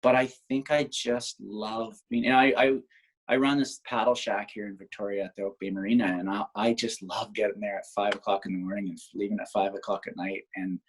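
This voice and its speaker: A man's voice: lowish voice, flat delivery, fairly quick, breathy edge, rough recording. A Canadian man in his forties, a guest on a video-call interview, telling reflective stories with frequent restarts. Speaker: guest, former Olympic triathlete. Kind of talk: casual conversational interview.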